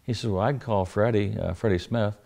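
An older man with a very deep, gravelly voice recounts anecdotes in an interview. His delivery is folksy and wry, and he chuckles at his own punchlines as he goes. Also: steady tone, a little fast, dark tone. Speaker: interview guest. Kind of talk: anecdotal storytelling.

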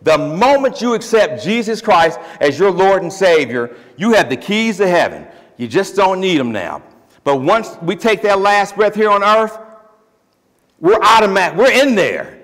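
A man's voice: sits high, unhurried. Give me an emphatic male pastor in a reverberant church. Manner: emphatic, lively, joking asides. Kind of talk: sermon and closing prayer. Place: church sanctuary. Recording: long reverb of a church hall.

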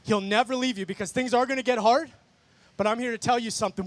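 A man's voice: extremely high pitch, fairly even intonation, quick pace. A man giving a fervent, emphatic preaching testimony to a worship crowd, often calling them "guys". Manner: emphatic, repetitive, keeps addressing the crowd as "guys". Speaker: guest speaker giving testimony. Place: outdoor worship gathering in a park.

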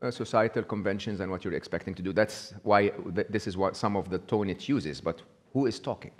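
An Egyptian-accented man with a fairly low voice speaks to a live audience. He keeps asking them questions and stumbles through fillers and restarts as he goes. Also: a little fast. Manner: interactive, asks the audience questions; acts out the inner voice in quotes. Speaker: speaker giving a talk.

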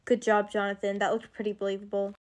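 A young woman voicing all the teen characters of a cartoon story, excitable and dramatic. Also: mid-range voice, quick pace. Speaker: voice-over storyteller.

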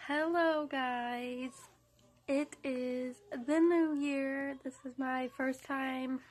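Congested high-voiced mom vlogging. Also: female voice, steady tone, extremely slow. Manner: chatty, rambling. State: congested, stuffy-nosed. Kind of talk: casual home vlog. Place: at home indoors.

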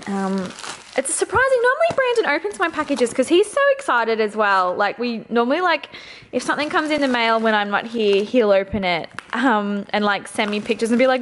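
A young Australian woman vlogging casually to a handheld camera, gushing and excitable, laughing often. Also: fairly high pitch, moderate pace, a little hiss or hum. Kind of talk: casual vlog chat to camera. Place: car, then home.

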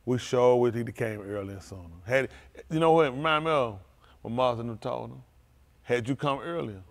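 A man preaching a sermon with a conversational, street-plain way of talking. His voice drops to low, quiet asides, then climbs high and loud when he gets worked up. His pitch sits in the middle range for a man. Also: moderate pace, creaky. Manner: speaks in informal, vernacular English. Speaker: pastor.

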